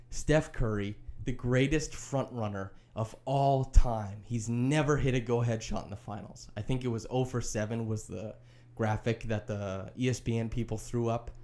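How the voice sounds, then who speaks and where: Podcast host, male, mid-pitched and mellow, opinionated play-by-play recapper. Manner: animated, opinionated play-by-play retelling. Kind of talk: casual sports podcast recap.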